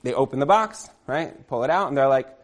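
A man's voice: medium pitch, expressive, brisk. A man in his thirties telling a rambling comic story, full of fillers and laughing at himself.

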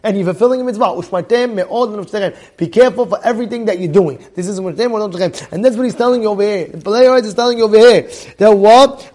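High-voiced rabbi teaching casually. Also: male voice, darkish tone. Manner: conversational, tells stories, quizzes the audience by name. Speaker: rabbi teaching a Torah class. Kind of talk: informal Torah lecture.

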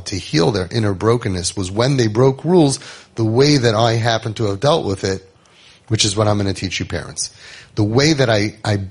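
Middle-aged man, husky low voice, lively storyteller. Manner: conversational, animated, acts out quotes. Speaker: founder of a home for troubled youth. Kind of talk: storytelling talk to parents.

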